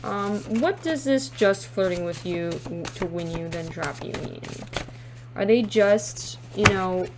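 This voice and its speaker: A woman's voice: mid-range voice, a little slow, background noise. A woman doing a casual tarot card reading to camera, thinking aloud with sassy exclamations and casual swearing. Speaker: tarot reader.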